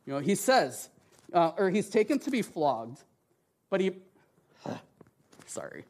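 Lively man preaching with slides. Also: sits high, slow pace. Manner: lively, animated, acts out voices in quotes; conversational, tags sentences with "right?". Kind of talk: sermon with slides. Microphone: handheld mic.

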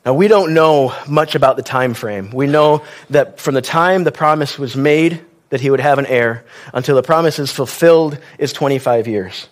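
A man's voice: medium pitch, normal speed. A man preaching a sermon in a conversational style, with wry asides and questions to the congregation.

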